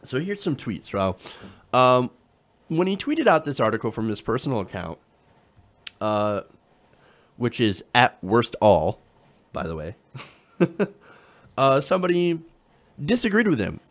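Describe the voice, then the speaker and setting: A man's voice: medium pitch, big pitch swings, unhurried, long pauses. A man hosting casual political commentary, talking conversationally with sarcasm and frequent fillers.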